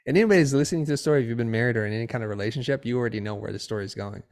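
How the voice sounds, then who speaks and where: Animated middle-aged man telling a story. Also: medium pitch, racing. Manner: lively storyteller who acts out quoted dialogue. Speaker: podcast guest, designer and educator.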